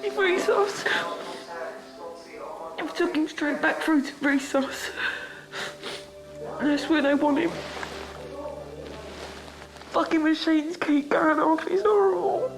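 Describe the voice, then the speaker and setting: A woman's voice: high-pitched, steady tone, slow pace, long pauses, music in the background, rough recording. A woman, a patient's relative filmed in a hospital, talking bluntly with swearing in a shaken voice that wavers near tears. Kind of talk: candid documentary footage.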